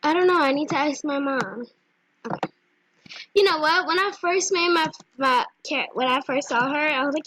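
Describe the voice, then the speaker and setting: A young female gaming vlogger chatting casually and giggly over her gameplay, with squealing excited asides. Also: high-pitched, moderate pace, no echo, low-quality recording. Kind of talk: casual game commentary.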